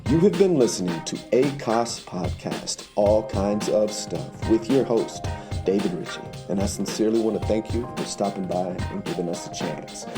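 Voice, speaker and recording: Easygoing podcast dad. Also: male voice, lowish voice, animated, normal speed. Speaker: podcast host. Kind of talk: casual family podcast chat. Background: faint music.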